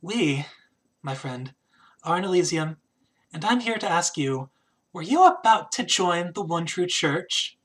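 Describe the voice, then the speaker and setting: A man's voice: fairly high pitch, lively intonation, unhurried, a bit bright. A man voicing a short, blunt but friendly woman warrior who talks casually and reassuringly in a tabletop game. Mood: brisk.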